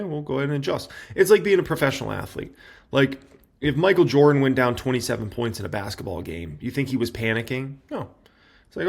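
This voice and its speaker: A man in his thirties hosting an investing channel, talking straight to his viewers in an animated, casual way. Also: mid-range voice, creaky. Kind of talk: casual reaction commentary.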